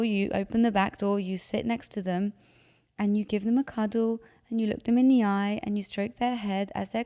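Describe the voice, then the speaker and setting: A woman gives emotional advice in a conversation, animatedly performing the anxious thoughts running through someone's head. Her voice is mid-range, and the sound carries the feel of a big room.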